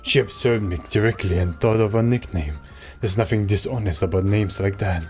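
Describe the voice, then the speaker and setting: A man's voice: on the low side, normal speed, faint music behind, close to an everyday voice. A man voicing a haughty, commanding young male leader in a video game. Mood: aloof.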